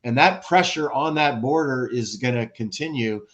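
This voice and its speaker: An American man, a former ambassador, giving an animated, conversational expert talk with rhetorical questions and frequent restarts, over a video call. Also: mid-range voice, normal speed.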